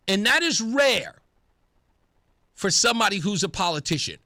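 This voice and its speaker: Radio host guy, pretty high voice, swings all over when he talks, acts out what people said to him. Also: normal speed, long pauses, no room sound, clean studio sound. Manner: animated, acts out quoted dialogue; laughs at himself. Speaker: radio talk show host. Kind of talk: opinionated talk radio monologue.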